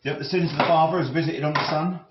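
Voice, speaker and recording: A man's voice: a little high, fairly even intonation. Rambling man musing in a roomy kitchen. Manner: musing, halting, with frequent restarts. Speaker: cooking vlogger. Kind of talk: rambling talk while cooking. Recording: roomy, slightly dull audio with faint noise.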